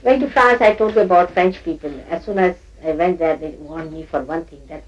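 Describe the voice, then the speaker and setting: A woman's voice: fairly low pitch, fairly quick, few pauses, poor audio. An older woman teaching at a spiritual gathering, scolding her listeners playfully and often breaking into laughter as she mimics them.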